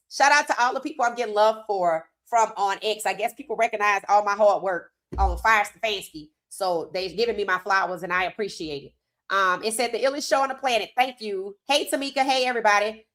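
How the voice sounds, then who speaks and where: A woman hosting a live sports talk stream, reading viewer comments aloud and reacting with animated opinions, her voice worn from hours of streaming. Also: medium pitch. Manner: animated, talks straight to chat, reads comments aloud. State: losing her voice.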